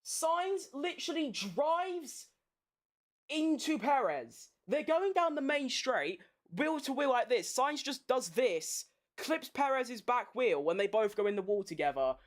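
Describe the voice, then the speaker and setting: A woman's voice: high-pitched, a little slow. Sweary woman calling a race. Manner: sweary, excitable, emotional. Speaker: streamer hosting a race watchalong. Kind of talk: live race commentary.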